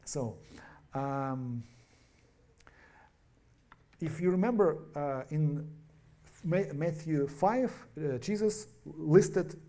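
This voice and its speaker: Brief: male pastor, somewhat high and mellow, halting sermon delivery full of restarts. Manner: halting, restarts words, many fillers. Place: church.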